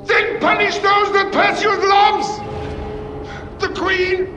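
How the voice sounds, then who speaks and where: An actor playing a bitter, vengeful cursed man in a film drama who hisses in whispers and then shouts his demands. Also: very high voice, steady tone, slow, music in the background. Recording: echoey hall with film score.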